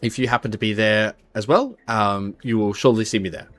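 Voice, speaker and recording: A man voicing a courteous noble taking leave, formal and old-fashioned with halting pauses. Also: lowish voice, steady tone, a bit bright, no echo, soft background music, natural voice. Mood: polite.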